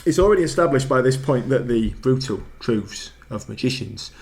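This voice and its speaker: A man's voice: medium pitch, lively intonation, moderate pace, gravelly, darkish tone. A man in casual podcast chat, rambling through a film recap and laughing often. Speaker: podcast co-host.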